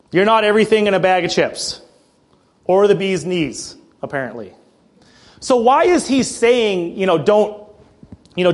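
High-voiced man preaching with joking asides. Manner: passionate, joking asides, frequent throat clearing. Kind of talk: sermon. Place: church.

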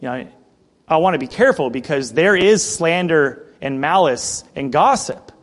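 With a fairly high pitch and lively intonation, an adult man preaches at normal speed. The pastor's expository sermon has a conversational feel as he reads scripture and explains it, adding casual asides along the way.

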